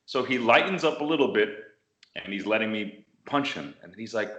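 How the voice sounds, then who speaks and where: A man from the United States telling a martial arts story in an interview, animated and acting out what people said. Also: mid-range voice, fairly quick, dull audio. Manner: animated storyteller, acts out quotes. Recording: roomy echo.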